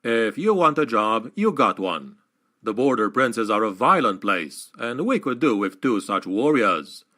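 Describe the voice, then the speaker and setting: A man voicing a stern gray-haired master of arms in an audiobook, calm, measured and quiet. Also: on the low side, exaggerated voice.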